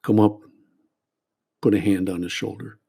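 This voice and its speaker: A male priest and addiction counselor walks a listener through a group therapy exercise, with a dark, mellow tone. He speaks earnestly and stumbles through repeated restarts. He keeps pausing to check in with "all right?". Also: lowish voice, little pitch movement, creaky, slightly rough.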